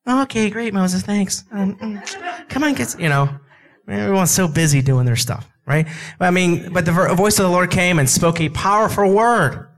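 Animated male preacher acting out scripture. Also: high voice, moderate pace. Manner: animated, acts out dialogue with God and Moses; conversational, with asides and laughs. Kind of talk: sermon.

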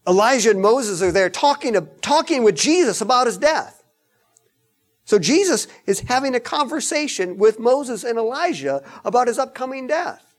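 A man preaching a sermon in an animated, emphatic way, mixing in joking asides. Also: very high voice.

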